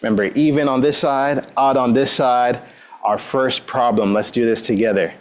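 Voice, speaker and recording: A man's voice: medium pitch, steady tone, moderate pace. Guy leading a workout class, upbeat and encouraging, counts down moves, says all right a lot. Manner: frequent "all right" between instructions. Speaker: exercise instructor.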